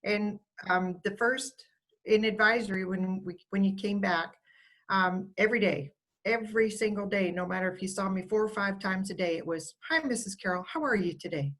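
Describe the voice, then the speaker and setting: A woman's voice: medium pitch, steady tone, moderate pace, low-quality recording. A school staff member, a woman, telling fond stories about a student in a speech on a video call. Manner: warm storytelling, quotes the student fondly. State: getting emotional.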